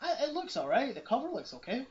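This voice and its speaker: A man's voice: very high-pitched, huge pitch swings, fast talker, breathy edge. A man hosting a casual podcast, rambling and poking fun at himself. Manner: rambling, self-mocking. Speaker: podcast host. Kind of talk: casual chat. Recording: dull lo-fi sound.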